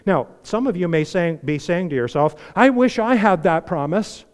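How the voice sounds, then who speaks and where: A man preaching a sermon, fervent, swinging from hushed asides to emphatic exhortation. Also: sits high, animated, normal speed. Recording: long hall reverb.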